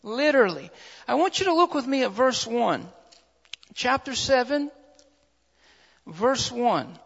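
A man with a very high voice delivers a sermon, circling back on his phrases and posing rhetorical questions to the congregation. The recording sounds muffled and lo-fi. A long hall reverb trails behind every line. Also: animated, unhurried, vocal fry, fairly bright tone, slightly rough. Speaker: preacher.

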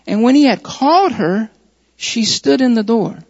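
A male preacher reads scripture and then expounds on it, pressing his points through repetition. His voice sits high and carries a gravelly edge. The recording is dull and muffled, with a long echo from a large hall. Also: animated, normal speed, darkish tone. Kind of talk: sermon with scripture reading.

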